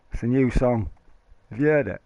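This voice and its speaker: A man's voice: medium pitch, no echo, muffled recording. Bloke rambling on his stream, jokey, voice all over the place, dry close sound. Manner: rambling, jokey, laughs often. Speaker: live streamer. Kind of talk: casual chat to stream viewers.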